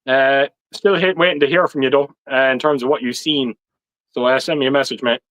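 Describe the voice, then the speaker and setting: A man's voice: mid-range voice, fairly even intonation, brisk, a bit bright, no room sound, low-quality recording. A man hosting a casual livestream chat, swearing often and laughing as he stumbles over restarts. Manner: swears constantly, laughs a lot, stammers on restarts. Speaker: livestream host.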